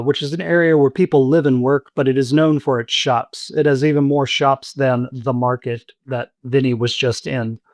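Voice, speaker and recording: A man running a tabletop game as game master, explaining rules and scenes in a relaxed way. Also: mid-range voice, no echo.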